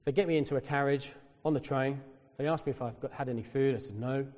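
Preaching with a medium-pitched voice at a quick pace, this British man shares a personal story in a sermon, with a long reverb tail behind him. He performs the people in it, becoming animated whenever he quotes someone.

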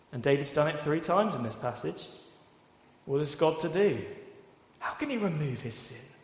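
A man preaching a sermon, expressive, asking rhetorical questions and acting out quoted voices. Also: medium pitch. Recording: echoey hall with long reverb.

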